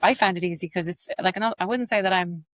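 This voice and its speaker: Woman, Irish accent, accent coach, quick lively explainer, slightly low voice. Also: no echo. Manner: fast, animated, explains with examples. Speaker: accent coach and actress, guest. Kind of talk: explanatory interview talk.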